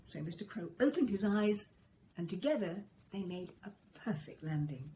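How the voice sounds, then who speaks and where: A woman reading a children's story aloud, in a gentle, expressive storytelling manner. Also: mid-range voice, moderate pace, slight background noise, low-quality recording.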